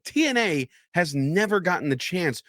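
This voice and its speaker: Animated man co-hosting a wrestling podcast. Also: fairly high pitch, moderate pace, dry recording, studio quality. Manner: animated, swears freely, acts out quotes. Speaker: podcast co-host. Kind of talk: casual wrestling chat. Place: podcast studio.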